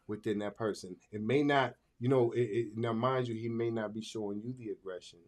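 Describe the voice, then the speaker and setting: A man's voice: medium pitch, steady tone, brisk. A man co-hosting a casual podcast chat, emphatic, repeating phrases as he works out his point. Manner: emphatic, repeats himself while working out a point. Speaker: podcast co-host.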